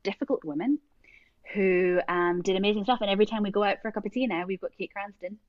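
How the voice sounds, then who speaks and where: A woman's voice: medium pitch, quick pace, no room sound, highs cut off. A woman co-hosting a podcast, telling a story in casual chat with lots of fillers. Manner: chatty storyteller, many fillers. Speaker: podcast co-host.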